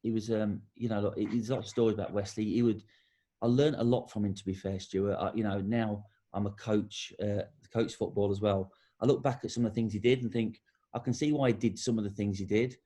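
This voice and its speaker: Fast-talking man telling stories. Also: lowish voice, fairly even intonation, dark tone. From England. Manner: anecdotal storytelling, acts out quotes. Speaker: former footballer, guest. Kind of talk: casual interview chat.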